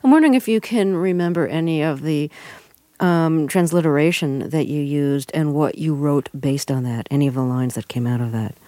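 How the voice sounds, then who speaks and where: Low-voiced woman asking interview questions. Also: normal speed, dark tone, dry recording. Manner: probing, follow-up questions. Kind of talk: radio interview.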